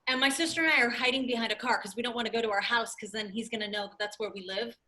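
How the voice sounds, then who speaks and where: A woman in her late twenties, a comedian telling an animated story full of "like"s on a podcast. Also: a little high, very fast. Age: late 20s. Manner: animated, laughing storyteller with many "like"s. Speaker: comedian guest.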